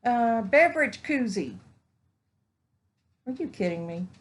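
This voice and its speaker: A woman's voice: a little high, sing-song, slow pace, noisy background. A woman, chatting casually while unboxing crafts at home, gushing and exclaiming over each find. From Texas. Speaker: vlogger. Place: home indoors, evening.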